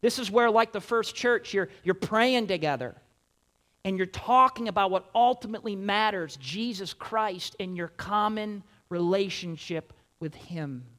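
A middle-aged pastor preaching a sermon in an emphatic, conversational way, with lively quoted asides. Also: male voice, sits high, a little slow.

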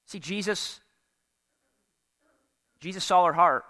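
A male pastor delivers a dramatic sermon in a high, bright, forceful voice. He drops from full volume to a near hush and slips in humorous asides. The sound rings with the long reverb of a large church. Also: takes it slowly. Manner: dramatic preaching, swings from loud to hushed, with humorous asides.

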